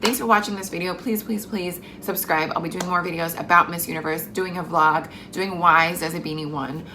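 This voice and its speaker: A woman's voice: on the low side, fairly even intonation, a little fast, bright, forceful tone, a little hiss or hum. A young woman vlogging to camera in a chatty, effusive way, full of fillers. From Mexican heritage. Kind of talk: casual chat to camera.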